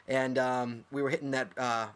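A man co-hosting a casual chat show, rambling excitedly with lots of fillers and restarts. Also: mid-range voice, normal speed, clean tone. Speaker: podcast co-host. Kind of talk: casual chat, listing favorite geocaches.

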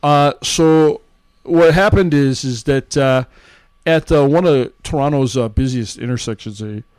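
A man's voice: mid-range voice, measured pace, a little mellow, smooth, no room sound, close to an everyday voice. A man putting on a folksy, beer-loving Canadian newsreader with a Canadian accent, ending lines with "eh". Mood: jokey. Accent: put-on Canadian. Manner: folksy, tags sentences with "eh". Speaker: co-host. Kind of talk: comic podcast bit.

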